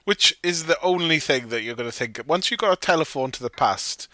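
Jokey man with a bright voice. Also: a little high, lively intonation, a little fast, dry recording. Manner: jokey, rambling, acts out quotes. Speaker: podcast co-host. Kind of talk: casual film discussion.

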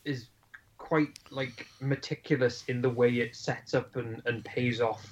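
A man's voice: mid-range voice, fairly even intonation, a little slow, muffled recording. Thoughtful man discussing a film. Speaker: podcast co-host.

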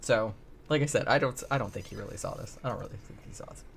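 A man's voice: on the low side, fast, gravelly, slight background noise. A man hosting a casual chat, rambling and sarcastic, swearing freely as he recaps. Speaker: podcast host.

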